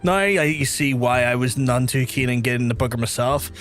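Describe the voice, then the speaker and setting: A man's voice: medium pitch, fairly quick, faint music behind, close to an everyday voice. A man with a Northern Irish accent reading aloud the lines of a self-pitying male adventurer from a fantasy game, grumbling.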